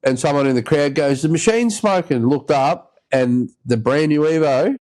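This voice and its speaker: Australian bloke, podcast host, loose rambling storyteller, mid-pitched voice. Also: male voice, steady tone, moderate pace, darkish tone. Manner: rambling yarn-spinner, acts out quoted voices. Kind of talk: casual storytelling chat.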